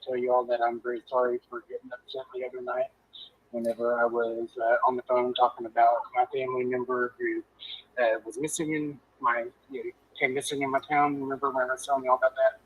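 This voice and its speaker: Fast-talking husky man caller. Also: mid-range voice, little pitch movement, phone-quality sound. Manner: hesitant, apologetic, many fillers. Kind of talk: phone-in apology.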